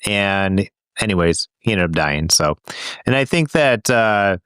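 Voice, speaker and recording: A man's voice: fairly low pitch, lively intonation, a little slow, a bit bright, clear, resonant tone, dry recording. A man co-hosting a casual podcast chat, talking in a rambling, hesitant way with many fillers. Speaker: podcast co-host.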